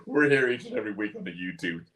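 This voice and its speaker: A man's voice: lowish voice, lively intonation, quick pace, fairly bright tone. A man co-hosting a casual chat show, blunt and profane, teasing his partner. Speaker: podcast co-host.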